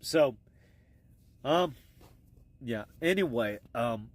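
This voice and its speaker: A man's voice: mid-range voice, expressive, extremely slow. A man rambling casually and crudely on a live stream, talking into his phone. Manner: crude, meandering, offhand.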